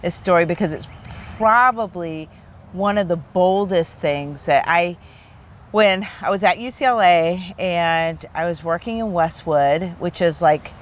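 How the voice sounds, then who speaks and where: A woman in her fifties, a therapist hosting, telling a personal story in a relaxed, animated chat. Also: fairly low pitch, a little slow. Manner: chatty, animated storyteller with many "like"s. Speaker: therapist and host.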